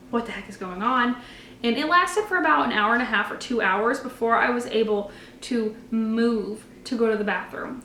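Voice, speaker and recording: A woman's voice: fairly high pitch, a bit bright, a little hiss or hum. Earnest young woman in an echoey room. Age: 20s. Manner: candid, earnest storytelling. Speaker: vlogger. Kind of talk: personal story vlog.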